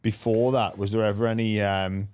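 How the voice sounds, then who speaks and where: A man's voice: fairly low pitch, level tone, normal speed, darkish tone. A man hosting a podcast interview, asking friendly, hesitant questions. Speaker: podcast host. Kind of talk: casual interview.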